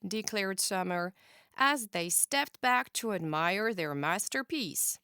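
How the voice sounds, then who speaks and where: A woman teacher reading a children's storybook aloud in an expressive, animated way. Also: mid-range voice, slow, smooth, no room sound, studio quality.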